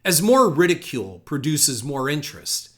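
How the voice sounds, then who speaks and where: A man's voice: fairly high pitch, sing-song, moderate pace, a bit bright. A man hosting a podcast, reading out insulting quotes with sardonic emphasis and commentary. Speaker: podcast host.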